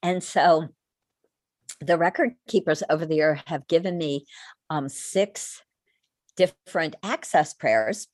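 Female guest, animated storyteller, low and expressive. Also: no echo, clean studio sound. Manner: animated storyteller, quick shifts into quoted voices. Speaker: guest, spiritual teacher. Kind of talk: conversational interview.

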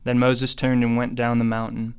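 A man reading scripture aloud as a Bible reader, in a steady, even way. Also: mid-range voice, normal speed, clear, resonant tone.

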